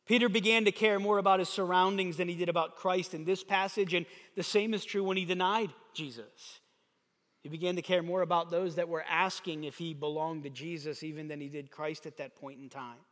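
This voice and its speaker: A man's voice: sits high, fairly even intonation, a little fast, fairly bright tone. A man preaching a sermon as pastor, reading scripture aloud with emphatic delivery. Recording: long hall reverb.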